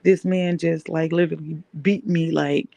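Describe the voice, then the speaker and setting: A woman's voice: low-pitched, level tone, moderate pace, vocal fry, mellow, dry recording. A woman podcast host telling a personal story in an emphatic way, repeating key phrases.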